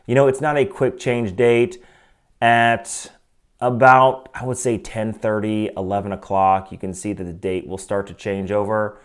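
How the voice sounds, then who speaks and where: Speaking casually into a desk mic, a man who runs a watch review channel shares strong opinions with plenty of asides. His voice is smooth and on the low side, his manner chatty.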